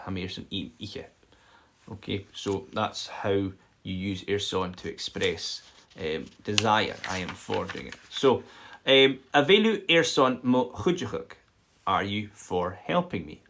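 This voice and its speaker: A man's voice: on the low side, fairly bright tone. Chatty man teaching a language lesson. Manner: chatty and explanatory, many "okay?" check-ins and filler "um"s. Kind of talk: informal live-stream language lesson. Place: home setup for a live stream. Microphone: phone or built-in mic.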